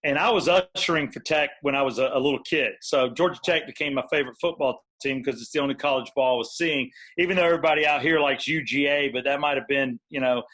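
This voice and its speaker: A man's voice: medium pitch, fast talker, few pauses, fairly bright tone. A middle-aged man hosting a podcast, bantering in a joking, laid-back way. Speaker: podcast host. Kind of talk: casual chat.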